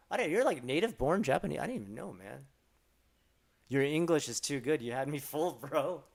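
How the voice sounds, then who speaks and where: Male streamer, casual, gravelly voice, jokey, exaggerated pitch jumps when mimicking. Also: big pitch swings, moderate pace. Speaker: streamer answering chat. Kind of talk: casual live-stream chat.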